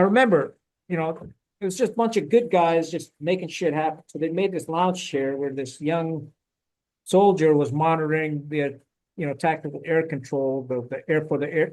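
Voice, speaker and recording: In a relaxed podcast conversation, a middle-aged man who served in the Marines shares a war story, lively and occasionally cursing while voicing what people said. His voice runs on the high side, and the audio quality is poor.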